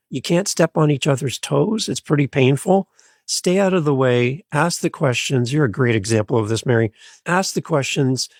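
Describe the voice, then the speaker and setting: A man guesting on a podcast, energetic and full of stories about his own shows. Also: medium pitch, no room sound, studio quality. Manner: energetic, storytelling. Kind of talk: casual interview chat.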